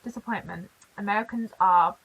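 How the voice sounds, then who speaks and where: A young British woman casually reacting on camera to things she reads aloud, chatting with quick asides. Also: medium pitch, gravelly, breathy edge, muffled recording. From Britain. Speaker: reaction vlogger.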